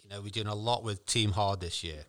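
Guy, low bright voice, jokey and keen, casual chat. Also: brisk, a little hiss or hum. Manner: jokey, laughs often, enthusiastic. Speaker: co-host.

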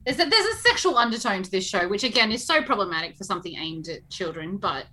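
Podcast co-host, woman, playful and excitable, crisp bright tone, swings widely in pitch. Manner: playful, excitable, quick to exclaim. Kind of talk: casual podcast chat.

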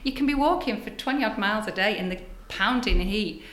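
Older woman healer with a bright voice. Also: medium pitch, brisk. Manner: animated, breathy storyteller, drops to hushed asides. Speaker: spiritual healer, guest. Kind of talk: casual storytelling interview. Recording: echoey room.

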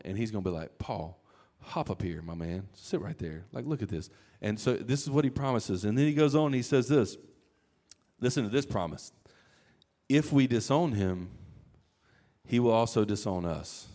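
A man preaching a sermon in a conversational, animated way, acting out quoted lines. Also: on the low side. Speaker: pastor.

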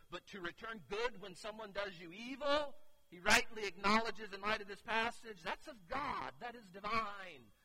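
A man in his thirties preaching a sermon as a pastor, earnest, with warm asides and moments where he drops to a hushed, intense tone. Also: high-pitched, husky, low-quality recording.

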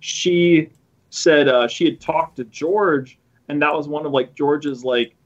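Guy rambling thru a fan podcast chat, kinda high voice, muffled lo-fi sound. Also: fairly even intonation, slow. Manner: rambling, many restarts, sarcastic asides. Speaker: podcast host. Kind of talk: casual chat.

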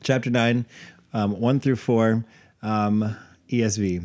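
A man's voice: on the low side, fairly even intonation, slow, a little mellow. A man co-hosting a casual Bible study podcast, reading scripture aloud and then chatting with easy laughs. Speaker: podcast co-host.

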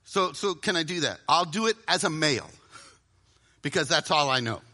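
A middle-aged male preacher with a high, very bright and forceful voice that swings widely in pitch. He preaches dramatically to a live audience, dropping to a hush to drive points home and acting out voices in his head. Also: animated, normal speed. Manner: dramatic, drops to a hushed voice for emphasis, acts out inner voices. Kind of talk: sermon.

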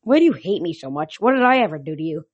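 A woman's voice: fairly low pitch, big pitch swings, fast talker, a little mellow, slightly rough. A woman voicing a defiant teenage boy hero who talks in an earnest, pleading way. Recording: dull lo-fi recording.

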